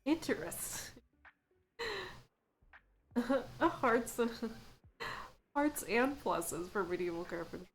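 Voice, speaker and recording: A woman's voice: medium pitch, expressive, very slow, pauses often, faint music behind. A woman streamer chatting casually while she plays a game, giggling and joking about what she reads aloud. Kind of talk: casual live gameplay chat.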